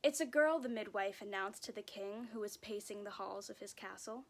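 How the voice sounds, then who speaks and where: A woman reading a children's picture book aloud, gentle and expressive. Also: mid-range voice, moderate pace. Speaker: storybook reader.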